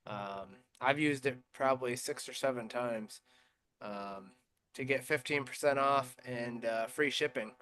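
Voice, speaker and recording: In an unhurried, mid-range voice, a racing podcast host chats casually. His storytelling is animated and packed with fillers.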